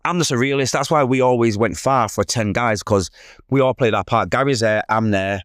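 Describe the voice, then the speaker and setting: A man with a Manchester accent, a guest telling stories in an interview, animated and acting out other people's voices. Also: mid-range voice, normal speed, no echo, studio quality. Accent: Manchester English. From England. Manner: animated, acts out quoted voices. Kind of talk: storytelling interview.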